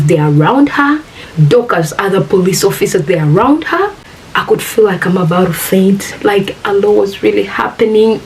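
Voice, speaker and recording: A woman earnestly tells a personal story to her viewers. She talks to them directly and acts out the dialogue she quotes. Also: medium pitch. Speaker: vlogger. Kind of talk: emotional storytime retelling. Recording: distant mic with faint hiss.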